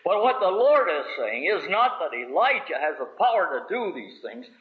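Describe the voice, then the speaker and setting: A man's voice: on the high side, big pitch swings, moderate pace. A man preaching a sermon, reading scripture in old biblical wording and building to raised, emphatic questions. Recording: tinny phone-like old recording.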